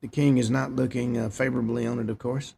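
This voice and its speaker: A man's voice: medium pitch, flat delivery, fast talker, vocal fry, a little mellow, a little hiss or hum. A man hosting a talk show, reading news headlines and adding short opinionated asides. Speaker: host. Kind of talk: news commentary.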